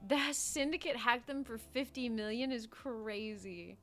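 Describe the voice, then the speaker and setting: A woman's voice: on the high side, a little slow, a bit bright. A young woman streaming a roleplay game, chatting casually, giggling often and muttering to herself. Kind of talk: casual gaming chat and in-character roleplay. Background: faint music.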